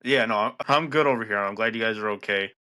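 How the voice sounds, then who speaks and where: A man from Chicago co-hosts a casual podcast and asks guests questions with friendly curiosity. His voice is bright and clear. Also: lowish voice, quick pace. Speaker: podcast co-host.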